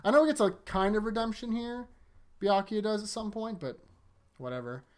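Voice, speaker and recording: A host casually recapping anime episodes, chatty and laughing often, acting out quick character lines while retelling scenes. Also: mid-range voice, animated. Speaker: anime rewatch reviewer.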